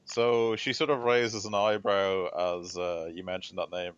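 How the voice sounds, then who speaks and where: Deep-voiced male game master. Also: unhurried, few pauses, clear, resonant tone, no room sound. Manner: relaxed, hesitant, many fillers. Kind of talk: narrating a tabletop game.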